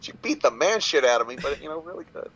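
A man's voice: on the high side, big pitch swings, quick pace, highs cut off, a crowd in the background. A man chatting casually on a podcast, swearing freely and laughing often. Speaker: wrestler guest.

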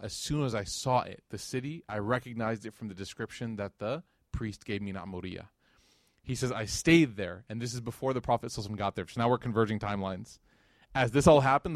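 In a clean studio recording without echo, a man with a mid-range voice gives an informal talk on faith. Spinning a story, he performs the quoted lines with energy and tosses in slang along the way.

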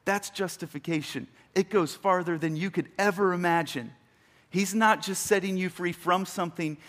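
Emphatic man preaching a sermon. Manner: emphatic, rising to loud high bursts; reads scripture slowly and deliberately. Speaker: pastor.

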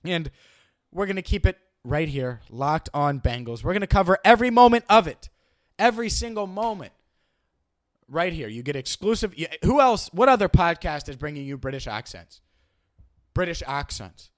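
A man's voice: fairly high pitch, big pitch swings, normal speed. A young man hosting a casual sports podcast, chatty and self-deprecating, often stumbling and repeating words. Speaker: podcast host.

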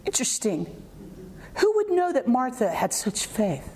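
A woman preacher giving an animated, conversational sermon, acting out quotes and laughing often. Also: mid-range voice, unhurried, slight background noise.

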